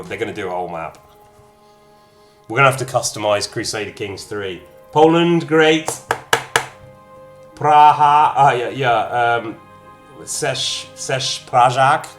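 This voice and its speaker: A man's voice: on the low side, fairly bright tone. A man casually chatting to his live-stream viewers as he plays a game, reading out their comments with jokey asides. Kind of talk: casual live-stream chat while gaming.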